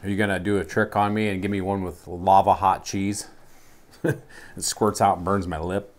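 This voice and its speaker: A man's voice: deep voice, normal speed. A man co-hosting as a butcher, chatting casually and teasing his partner while they taste the food. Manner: teasing, relaxed. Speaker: butcher and co-host. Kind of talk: casual tasting chat.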